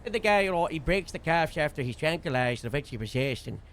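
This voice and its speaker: A man casually recounting a role-play shift as a streamer, rambling with lots of fillers and animated bursts. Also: on the high side, quick pace. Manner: rambling, full of "you know" and "like" fillers; animated retelling with sudden loud bursts. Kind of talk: casual storytelling recap.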